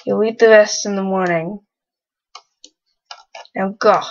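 A young let's play gamer chats casually about the life-sim game she's playing, teasing its characters as she talks to them. Her mid-range voice stays steady and slow. The sound is lo-fi.

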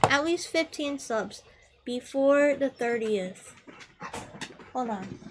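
A woman's voice: high voice, animated, slow, very noisy. A young adult woman chatting casually on a live game stream, playful and chatty, swearing freely and coaxing her pet between rounds. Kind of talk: casual live-stream chat while gaming.

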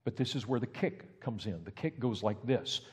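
A male pastor preaching a sermon, building from steady talk to loud, emphatic peaks. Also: mid-range voice, moderate pace, breathy edge. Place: church sanctuary. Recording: reverberant church hall.

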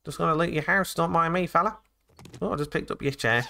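A man's voice: on the high side, fast, creaky, sharp tone. A man hosting a let's play video, chatting and joking his way through a game and talking to the characters. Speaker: gaming channel host.

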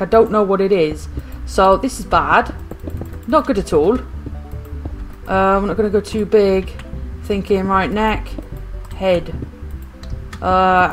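A woman commentating on her own video game play, rambling to herself and often getting flustered and panicky. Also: medium pitch. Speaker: gaming video host. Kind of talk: live gameplay commentary.

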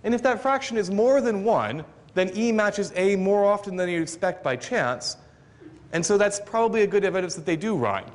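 High-voiced professor lecturing in a reverberant hall. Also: male voice, expressive, moderate pace. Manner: explanatory, lightly joking. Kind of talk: university outreach lecture.

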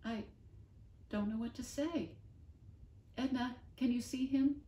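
Woman reading a brisk, practical man. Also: fairly high pitch, warm tone, pitched above the performer's own voice. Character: level-headed man, practical. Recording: roomy, distant mic.

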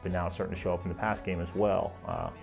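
A man's voice: sits low, level tone, quick pace, vocal fry, faint music behind. A man, a tight ends coach, talking plainly and proudly about his players in an interview.

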